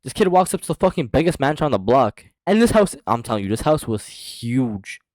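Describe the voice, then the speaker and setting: Fast-talking young man telling a story. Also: mid-range voice, very animated, a little mellow, no room sound. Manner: slangy, profane, rambling with fillers. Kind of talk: casual storytime vlog.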